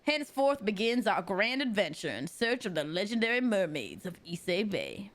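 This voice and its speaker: A woman's voice: medium pitch, very animated, moderate pace, pitched below the performer's own voice, natural voice. A woman voicing a cheerful, dramatic male fantasy author in a put-on Southern accent, speaking grandly. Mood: grandiose. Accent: American Southern, put on. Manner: theatrical, grandiose.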